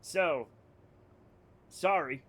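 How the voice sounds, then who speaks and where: High-voiced jokey American streamer. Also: male voice, very slow, a bit bright. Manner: jokey, rambling, talks to chat. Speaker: game streamer. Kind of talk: casual livestream chat.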